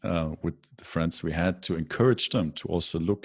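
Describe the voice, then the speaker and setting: Male interview host with a deep voice, reflective and halting delivery. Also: background noise. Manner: hesitant, many filler words. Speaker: podcast host. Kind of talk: casual interview conversation.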